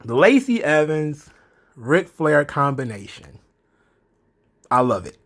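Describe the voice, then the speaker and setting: A man with a drawl recaps the news in a loose, casual commentary voice. His tone sits slightly high for a man, and he keeps breaking into laughter and tossing in profanity. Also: big pitch swings, slow. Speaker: commentary vlog host.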